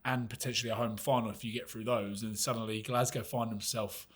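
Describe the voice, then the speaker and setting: A man co-hosting a casual podcast chat, telling a story in a lively, laughing way and swearing freely. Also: on the low side, fairly quick, breathy edge. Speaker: podcast co-host.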